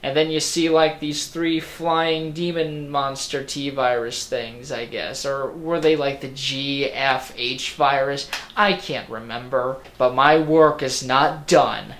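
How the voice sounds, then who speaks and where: A man's voice: medium pitch, steady tone, measured pace, hardly any pauses, fairly bright tone. A man giving a casual movie review. He slips into a Boston accent, rambles, jokes sarcastically and swears freely. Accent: slipping into a Boston accent. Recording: roomy room echo.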